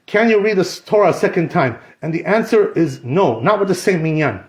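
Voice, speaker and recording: A man teaching a Torah class as a rabbi, animated and joking, with many rhetorical questions. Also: high voice, a little fast. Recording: echoey room, slightly dull.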